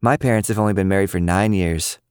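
A man voicing an energetic, chatty young girl who is eager, nosy and bossy, in a storybook reading. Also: deep voice, quick pace, smooth, no echo, studio quality, lightly acted. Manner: eager, inquisitive, commanding.

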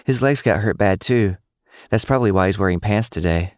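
A man voicing a chatty, excitable young schoolgirl in an audiobook. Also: fairly low pitch, a little fast, dry recording, clean studio sound, close to an everyday voice. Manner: bubbly and impatient. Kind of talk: audiobook character voice.

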